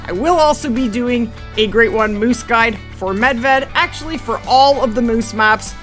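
A gaming YouTuber commentates for her channel, explaining things calmly, then squealing and laughing as the action heats up. Her voice is a little high and unhurried, with faint music behind her.

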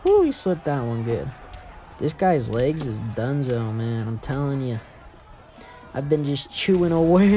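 A man hosting a gaming channel, giving casual, excitable commentary while he plays a fighting game and exclaiming at big moments. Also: on the high side, unhurried, a little hiss or hum. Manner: excitable, laughs and exclaims during play. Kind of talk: casual let's-play commentary.

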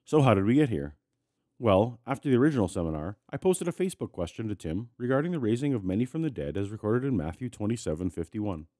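A man narrates his own commentary video at a quick clip, his voice thick with a cold. His tone is low and mellow, with lively swings in pitch and a dry edge of snark. The sound is close and dry. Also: dry recording. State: sick, congested voice. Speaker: host.

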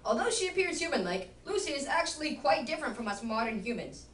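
A woman's voice: sits high, sing-song, fairly bright tone, roomy sound, recorded from a distance, a little hiss or hum, poor audio. A woman hosting a homemade mock news report, teasing and bossy in a playful scripted delivery. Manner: teasing, bossy, quick to laugh.

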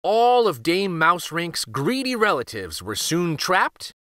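A man hosting a children's read-aloud channel, reading a picture book in an expressive, lively storytelling way. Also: high voice, a little slow, no room sound, clean studio sound.

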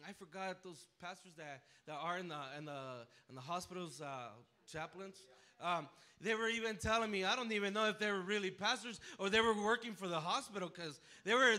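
A man with a high, very bright voice preaches a personal testimony to a church. He repeats words and restarts often, and his voice swells until he is nearly shouting. The delivery is emotional and raw. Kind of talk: sermon testimony. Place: church sanctuary.

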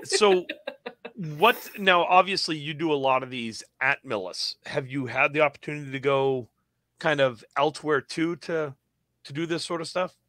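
A man's voice: on the high side, normal speed, bright, forceful tone, dry recording, studio quality. A man hosting a casual podcast chat, asking loose, rambling questions. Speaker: podcast host.

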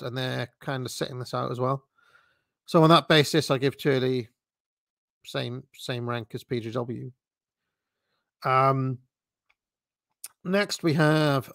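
A political commentator with a medium-pitched, vocal-fry voice rambles on a livestream, dry with no echo. He's dismissive and opinionated, and his talk is full of fillers and restarts.

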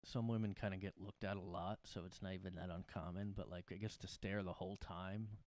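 A man's voice: low-pitched, steady tone, fairly quick, darkish tone, no echo. A young man hosting a comedy podcast from his room, rambling in a sarcastic, profane way. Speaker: podcast host. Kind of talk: casual comedic monologue.

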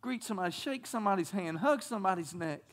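A man with a strikingly high voice delivers a sermon from a church pulpit. He preaches with fervor, stumbling over repeated words as his delivery swells and softens. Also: expressive, quick pace. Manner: impassioned preaching with frequent word repeats. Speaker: pastor.

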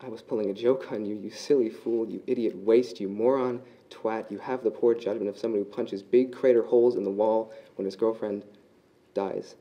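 A man voicing a calm, possessive female spider in a fable he reads aloud, in a cold, quiet, coolly cruel manner. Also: lowish voice, normal speed, muffled recording, close to an everyday voice. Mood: scornful.

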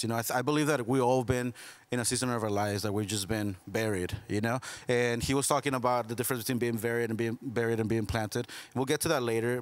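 A man's voice: mid-range voice, no echo. Man, church show host, enthusiastic, upbeat, dry close sound. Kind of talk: church talk show hosting.

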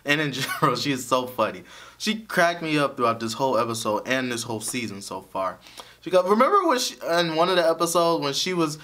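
A man's voice: fairly high pitch, sing-song, brisk, pushed and bright. A man giving a casual, chatty recap of a TV episode, often laughing as he tells it. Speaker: show reviewer.

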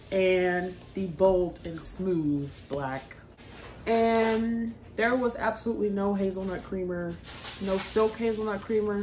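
A woman's voice: medium pitch, darkish tone. A woman casually chatting through a grocery haul, laughing easily and drawing out product names. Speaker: vlogger. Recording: echoey room with noise.

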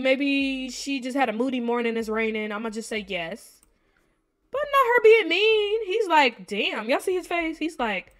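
A woman hosting a gaming video, chatting casually to viewers and reading game text aloud in an expressive way. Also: fairly high pitch. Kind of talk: casual let's-play commentary to viewers.

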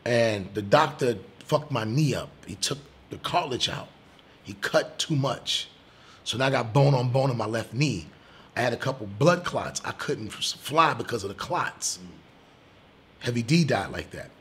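Man, comedian, husky voice, middle pitch, casual storytelling, animated, swears, loud bursts. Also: normal speed. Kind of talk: storytelling in an interview.

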